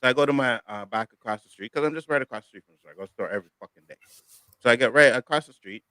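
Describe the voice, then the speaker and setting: Man ranting with a bright edge. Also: mid-range voice, racing, dry recording. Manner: profane, animated storytelling rant. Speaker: show host. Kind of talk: casual panel chat.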